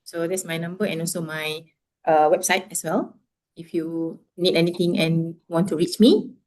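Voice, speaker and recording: A woman, a lawyer introducing herself and presenting over a video call, pausing often with fillers and restarts. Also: lowish voice, a little mellow. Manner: hesitant, many fillers and restarts. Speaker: lawyer and law firm founder. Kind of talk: self-introduction and presentation at an online club meeting.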